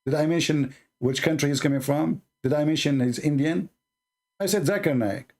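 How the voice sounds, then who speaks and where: A man's voice: fairly high pitch, moderate pace, darkish tone. Combative man ranting at viewers. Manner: combative, insulting, sarcastic. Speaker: channel host. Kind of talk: angry rant to viewers.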